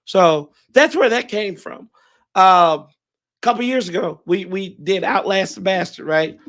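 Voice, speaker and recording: A man hosting a fan livestream, hoarse and emotional, thanking his viewers in a rambling, heartfelt way with many restarts. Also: sits high, a little slow, a bit bright. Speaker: fan show host.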